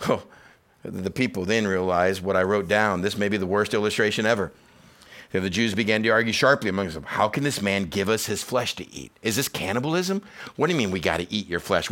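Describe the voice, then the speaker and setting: A man's voice: on the low side, a bit bright. A man preaching a sermon, building to emphatic repeated phrases and acting out voices in casual asides. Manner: preaches with rising intensity, repetitive emphasis; dramatizes quoted voices in conversational asides. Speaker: pastor.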